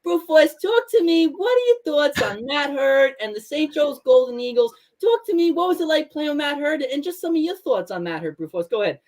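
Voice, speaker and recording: A man's voice: very high-pitched, lively intonation, brisk, few pauses, darkish tone, pitched above the performer's own voice, rough recording. A man imitating a hyped male sports radio host in an announcer style.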